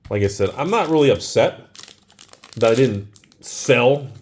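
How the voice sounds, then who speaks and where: An American man who owns a card shop, chatting casually in a vlog while opening packs. He rambles in an excitable way, filling his talk with "like" and "dude.". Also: medium pitch, measured pace, a little hiss or hum. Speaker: card shop owner and investing vlogger.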